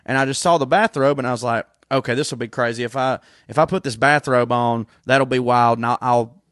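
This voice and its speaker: A man's voice: medium pitch, fairly quick, a bit bright, dry recording, clean studio sound. A young man, co-hosting a podcast and telling rambling stories in casual chat, swearing freely. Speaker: podcast co-host.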